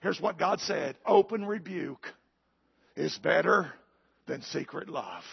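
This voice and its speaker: A male preacher with a gravelly voice, telling a folksy story in a sermon that builds to shouted preaching, in a church. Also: fairly high pitch, takes it slowly, lo-fi sound.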